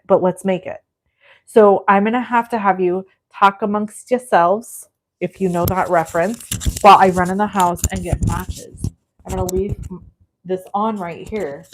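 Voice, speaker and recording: A woman's voice: medium pitch, darkish tone, slight background noise. A woman in her forties hosting a live crafting demo, talking in a chatty, rambling, self-deprecating way. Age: 40s. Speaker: craft livestream host.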